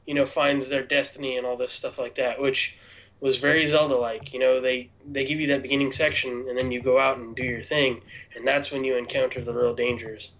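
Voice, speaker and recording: A man's voice: medium pitch, level tone, brisk, a bit bright, highs cut off. A man co-hosting a casual gaming chat, laid-back, with lots of "like" and easy laughter. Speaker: podcast co-host.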